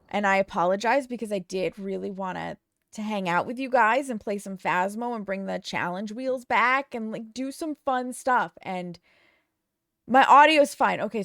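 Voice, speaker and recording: A woman's voice: mid-range voice, fairly bright tone, dry recording, clean studio sound. A woman streamer talking casually to her viewers, frustrated and venting, with some swearing.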